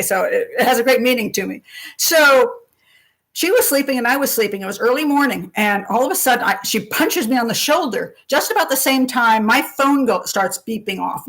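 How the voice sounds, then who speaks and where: Older lady on a live stream, chatty and lively, slightly high voice, acts out what people said. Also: rough recording. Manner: chatty and animated, acts out quotes, laughs often. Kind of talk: casual live-stream storytelling.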